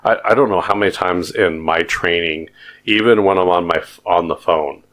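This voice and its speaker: A man's voice: sits low, normal speed, a bit bright. A man co-hosting a podcast, telling stories in a rambling, hesitant casual chat. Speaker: podcast co-host.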